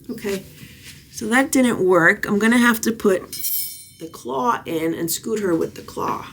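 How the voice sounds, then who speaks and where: Gravelly-voiced woman soothing a kitten. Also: medium pitch, measured pace, a little hiss or hum. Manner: soft, soothing, sing-song baby talk to a kitten. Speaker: cat rescue vlogger. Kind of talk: casual vlog narration and coaxing a kitten. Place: home, indoors by a cage.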